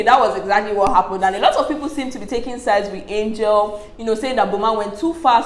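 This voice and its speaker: Chatty Nigerian woman in an echoey room. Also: medium pitch. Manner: animated, quotes people in lively asides, laughs often. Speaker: entertainment vlogger recapping a reality show. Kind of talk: casual chatty commentary.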